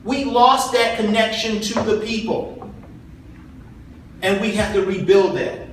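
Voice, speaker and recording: A man's voice: sits high, takes it slowly. Man speaking in a big echoing hall. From South Carolina. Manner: earnest, folksy, rising to rallying calls. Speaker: party chair candidate. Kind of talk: political stump speech. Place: large convention hall. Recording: echoey hall from far off, faint noise.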